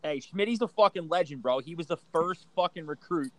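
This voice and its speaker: A man hosting a podcast, joking loudly and swearing often in casual banter. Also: fairly high pitch, expressive, brisk, no room sound. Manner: loud, profane, joking. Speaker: podcast host.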